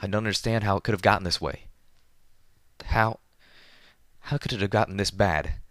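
An anguished young mare, as a man puts her on, her voice lifted well above the reader's deep range, strained and pleading yet resolute. The storybook reading is recorded close and dry. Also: moderate pace, a bit bright, no echo, lightly acted.

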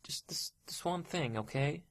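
Young woman doing a solo audio roleplay, slow and breathy, stammers and pleads, lots of whispering. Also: deep voice, expressive, dry recording. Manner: stammering, hesitant, pleading, often drops to a whisper. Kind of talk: solo audio role-play.

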